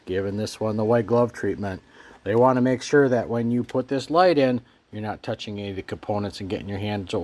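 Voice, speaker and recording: A man casually talking through a motorcycle headlight swap, relaxed and plain-spoken, thinking aloud as he works with his hands. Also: lowish voice. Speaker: motorcycle owner showing a repair. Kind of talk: casual how-to narration.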